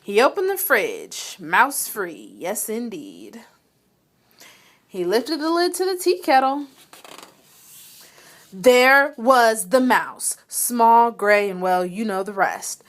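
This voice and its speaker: Expressive woman reading a picture book. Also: on the high side, takes it slowly. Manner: expressive, dramatic storytelling. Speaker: read-aloud reader. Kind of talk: children's storybook read-aloud.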